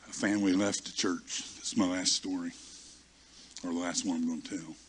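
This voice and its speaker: A man's voice: low voice, fairly even intonation, fairly quick, breathy edge. A male pastor preaching a sermon through personal stories, self-mocking and often restarting his sentences.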